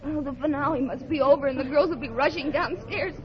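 A woman's voice: high-pitched, fast talker, natural voice. A woman playing a tearful young star dancer. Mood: distraught. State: dizzy and near tears. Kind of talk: 1930s radio acting. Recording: dull old radio recording.

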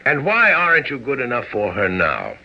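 A calm gravelly narrator. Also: male voice, mid-range voice, heavily acted. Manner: measured, gently questioning. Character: calm, wry adult male friend and narrator. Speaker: narrator and friend. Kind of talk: 1940s radio acting. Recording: dull old radio recording with music.

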